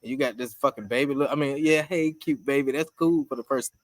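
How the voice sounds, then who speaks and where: A man co-hosting a podcast in loose casual chat, swearing freely and breaking into laughter as he tells stories. His voice sits at an ordinary middle pitch, and it is recorded close and dry with no room sound. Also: quick pace, no room sound. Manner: profane, animated storytelling with laughs. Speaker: podcast co-host.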